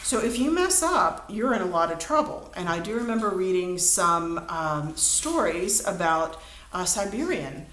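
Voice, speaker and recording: A woman's voice: fairly low pitch, big pitch swings, measured pace, fairly bright tone. A woman instructor giving a lecture in a chatty storytelling way, full of ums and uhs. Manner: chatty storytelling, frequent fillers. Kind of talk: recorded lecture. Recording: roomy room, faint background noise.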